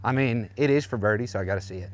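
A young man joking and teasing his friend on a golf course, with loud celebrating shouts after good shots. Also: fairly low pitch, rapid-fire. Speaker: golf video co-host. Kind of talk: casual banter on the golf course.

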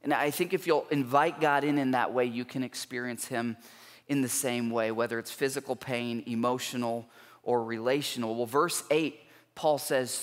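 A man preaching a sermon as a pastor, earnest and emphatic, building intensity with pauses for weight. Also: mid-range voice, steady tone. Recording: long church hall reverb.

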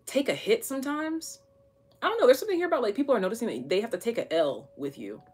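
A woman's voice: fairly high pitch, big pitch swings, fast, darkish tone, slightly rough. A woman giving a casual live tarot reading, chatty, with many fillers and casual swearing. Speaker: tarot reader.

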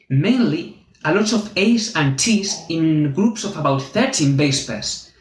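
A man with a Spanish accent giving a clear, methodical university biology lesson as the channel's teacher. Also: fairly high pitch. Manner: clear, methodical, friendly explaining. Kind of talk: university lecture explaining with drawings. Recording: echoey room.

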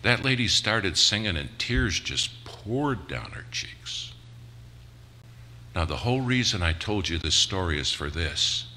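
An older man who is a guest preacher, telling a story in a sermon at a church in a folksy, animated way. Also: low voice, measured pace, slight background noise.

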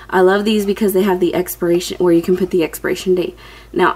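Young woman vlogger, slightly breathless, low-ish voice, chatty and filler-heavy. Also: darkish tone. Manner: chatty, many ums, addresses viewers as you guys. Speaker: home organization vlogger. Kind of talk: casual tutorial narration.

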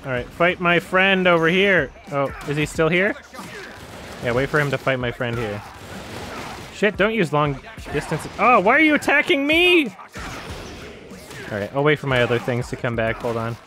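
A man streaming a co-op game in casual chat, excitable, swearing and yelping when hit. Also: medium pitch, fairly quick, faint music behind. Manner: excitable, swears often, yelps at hits.

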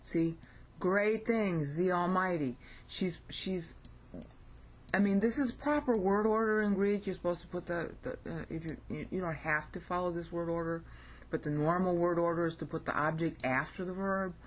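Low-voiced American woman teaching. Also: moderate pace. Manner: thinks aloud, hesitant restarts, frequent "okay?" checks. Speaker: language teacher. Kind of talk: informal recorded lesson.

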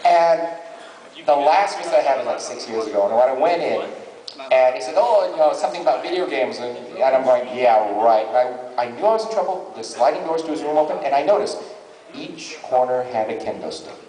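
Animated comedian in a big hall. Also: male voice, medium pitch, a little fast, crowd noise. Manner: animated, jumps into character voices. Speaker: stand-up comedian. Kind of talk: live comic storytelling. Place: large convention hall. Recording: echoey hall from far off.

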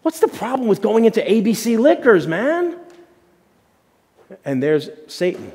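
A man preaching a sermon as pastor, animated and jokey, with sudden shouts and hushed asides. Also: high voice, a little slow, long reverb tail. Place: church sanctuary.

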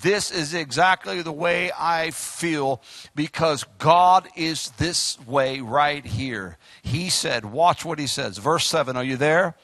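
A male pastor preaching an impassioned sermon, breaking into shouts. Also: a little high, slow, no room sound. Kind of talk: fiery sermon.

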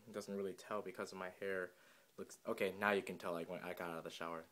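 A young man chatting casually to his camera at home, giddy and jokey with quick asides. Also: sits low, fairly even intonation, fairly bright tone. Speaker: vlogger. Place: home room, indoors.

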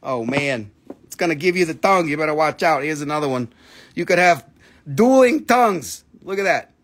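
Man, high voice, jokey live-sale host calling prices like an auctioneer. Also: expressive, moderate pace, a bit bright. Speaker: host selling minerals on a live stream. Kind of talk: live sales stream patter.

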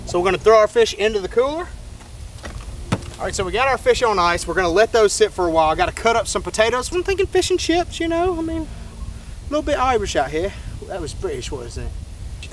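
A man hosting an outdoor fishing and cooking vlog near a pier, talking in an excitable, joking, folksy way. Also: sits high, brisk, a little hiss or hum. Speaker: fishing vlogger, host.

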